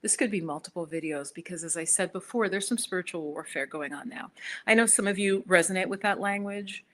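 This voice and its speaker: A woman's voice: lowish voice, brisk, a bit bright. A middle-aged American woman chatting casually on her own livestream, rambling with restarts and fillers. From United States. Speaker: spiritual YouTuber.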